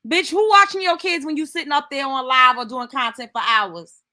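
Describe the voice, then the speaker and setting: A woman's voice: sits high, animated, brisk, bright, forceful tone. A woman hosting a commentary show, reacting bluntly and incredulously with lots of cursing. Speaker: host.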